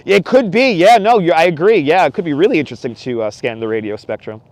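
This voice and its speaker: A man's voice: on the high side, expressive, fast talker, darkish tone, no room sound. A middle-aged man hosting a casual live stream outdoors on a cold beach at night, chatting with viewers and laughing often. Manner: chatty, laughs often, reads chat aloud. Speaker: livestream host. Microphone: wireless clip-on mic.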